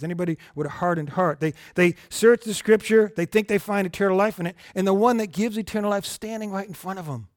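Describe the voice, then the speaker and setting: A man's voice: high-pitched, no echo, clean studio sound. A man teaching a Bible lesson as a sermon, earnest and conversational, often asking the listeners questions.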